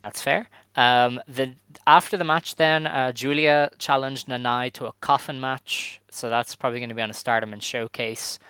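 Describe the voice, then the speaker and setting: Opinionated podcast guy, bright dry voice. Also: mid-range voice, fairly even intonation, moderate pace, few pauses, clean tone, dry recording. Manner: opinionated, run-through of results. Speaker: podcast co-host. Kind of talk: casual chat.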